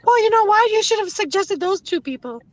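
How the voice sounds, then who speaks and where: A woman in a casual video chat, playful and quick to react. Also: very high-pitched, animated.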